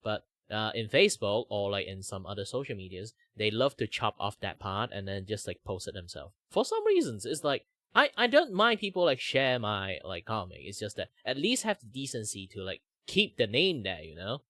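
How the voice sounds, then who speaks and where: A man from Malaysia chats casually on his stream. His voice sits low but swings widely in pitch as he rambles, and the sound is dry and close. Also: huge pitch swings, moderate pace, hardly any pauses, fairly bright tone, no room sound. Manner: rambling, with many fillers and laughs. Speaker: streamer host.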